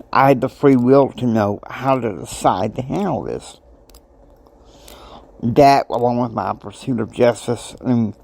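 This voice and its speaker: A man's voice: mid-range voice, vocal fry, darkish tone. A man telling a personal story, emotional and acting out the voices of people he quotes.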